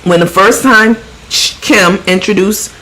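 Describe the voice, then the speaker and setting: A woman's voice: mid-range voice, unhurried, bright, forceful tone, low-quality recording. A woman hosting a casual gossip commentary show, blunt and profane, mocking the people she talks about and mimicking their voices. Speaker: show host.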